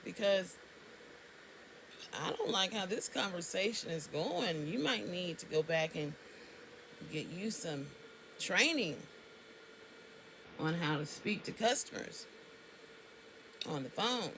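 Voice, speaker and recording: A woman's voice: lowish voice, lively intonation, slow, pauses often, a bit bright, slight background noise, low-quality recording. A woman tells a story to camera in a casual, indignant way, and her voice jumps up sharply on exclamations. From Alabama, US. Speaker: vlogger.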